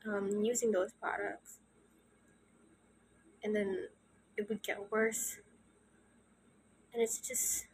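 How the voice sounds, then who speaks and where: A woman in her early twenties, soft-spoken and hesitant, talking openly to her channel in a casual, confessional way. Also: mid-range voice, a little hiss or hum, low-quality recording. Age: early 20s. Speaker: channel host.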